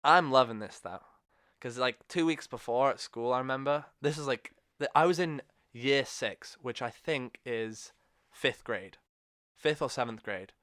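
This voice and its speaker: Smooth-voiced podcast host, rambling. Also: male voice, medium pitch, unhurried, a bit bright, no echo, studio quality. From England. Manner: rambling storyteller, self-correcting as he goes. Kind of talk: casual chat.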